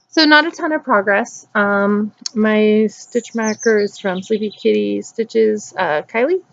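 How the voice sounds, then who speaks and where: A woman's voice: mid-range voice, dull audio, a little hiss or hum. A woman hosting a casual cross-stitch vlog outdoors in her backyard, chatting loosely and wandering off topic. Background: birds singing.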